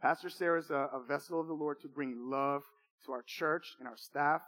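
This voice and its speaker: High-voiced man preaching with emphatic repetition. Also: steady tone, brisk, fairly bright tone. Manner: emphatic and repetitive, with emotional swings. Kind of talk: sermon with personal testimony.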